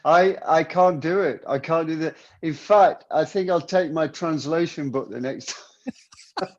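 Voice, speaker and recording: A man with an English accent, a singer who is a guest on a video call, friendly and relaxed in casual chat. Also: a little high, measured pace. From London, England. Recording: dull, muffled video-call audio.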